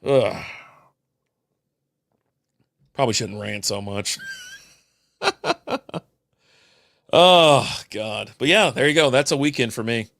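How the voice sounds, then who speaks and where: A man's voice: mid-range voice, expressive, takes it slowly, vocal fry, long pauses, a bit bright, no room sound. An older man hosting a casual solo beer podcast, telling rambling, profane stories with dry asides. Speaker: podcast host.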